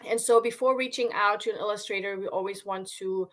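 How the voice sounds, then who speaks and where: A woman who writes children's books, a guest explaining her process in a relaxed way with lots of fillers. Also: medium pitch, fairly quick. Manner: relaxed, many fillers like "you know". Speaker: children's book author and mentor.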